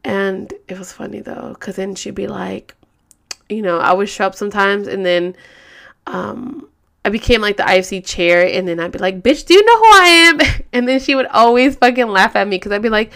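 A woman telling a story casually, full of slang and swearing, acting out quotes with lively energy. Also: mid-range voice, normal speed, vocal fry. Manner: profane, slangy, animated quoting. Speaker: storyteller vlogger.

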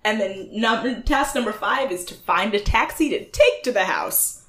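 A woman's voice: a little high, expressive, moderate pace, a bit bright, reverberant. A young woman co-hosting a podcast, chatting casually and giggling as she recaps a TV show. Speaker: podcast co-host.

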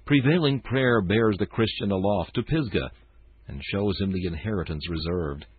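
A man reading a morning devotional in a solemn, measured way. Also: fairly low pitch, slightly rough, dry recording. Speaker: devotional reader. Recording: tinny phone-like dry sound.

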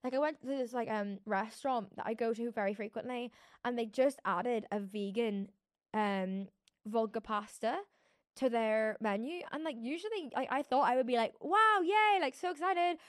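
A woman's voice: on the high side, moderate pace, a little mellow, no echo, clean studio sound. Chatty young woman, rambling. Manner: chatty, rambling, full of "like" and restarts, swears casually. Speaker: podcast host. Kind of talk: casual solo podcast chat.

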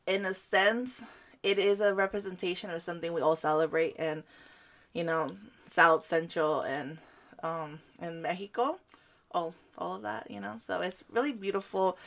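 Young woman telling a story, lots of "like". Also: on the low side. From Guatemalan family. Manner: animated storytelling, heavy use of "like", frequent laughter. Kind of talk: casual chat.

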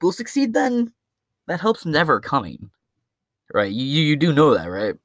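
A man's voice: on the low side, fairly bright tone, no room sound, studio quality. A man hosting his own podcast, ranting alone in a rambling, mocking and heavily profane way. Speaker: podcast host. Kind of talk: ranting solo podcast monologue.

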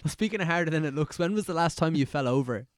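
A man's voice: on the high side, animated, fast, no echo. A man hosting a casual interview, asking teasing, playful questions. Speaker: interview host.

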